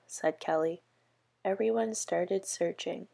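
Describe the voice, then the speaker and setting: A woman educator reads a picture book aloud for young children. Her voice sits low, with a strong gravelly rasp and a husky, breathy grain. The reading is plain and steady. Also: a little slow. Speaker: early years educator.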